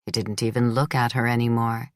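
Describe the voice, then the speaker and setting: A woman reading a first-person novel as an audiobook in a measured, steady way. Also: extremely low pitch, dry recording, clean studio sound. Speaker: audiobook narrator. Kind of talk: first-person literary narration.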